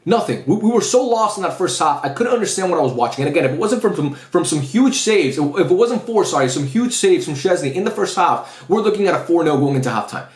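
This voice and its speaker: A man's voice: on the high side, expressive, fast, hardly any pauses, echoey room. A man giving a ranting post-match football review, frustrated and profane, repeating himself as he vents.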